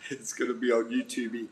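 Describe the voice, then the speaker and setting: A man's voice: medium pitch, rough recording. A middle-aged man hosting a casual livestream indoors by a window, rambling and chuckling as he chats. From United States. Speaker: livestream host. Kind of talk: casual live-stream chat.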